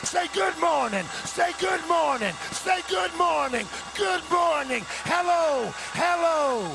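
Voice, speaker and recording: A woman's voice: sits high, animated, unhurried, gravelly, hardly any pauses, over music. A woman pastor preaching a sermon in a church, leading the congregation in emphatic call-and-response with a sing-song cadence. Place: church sanctuary.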